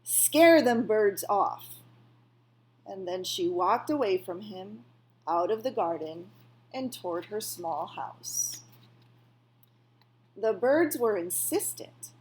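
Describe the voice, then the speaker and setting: A woman calmly reading a children's novel aloud, in a measured storytelling manner. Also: medium pitch, slight background noise. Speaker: reader.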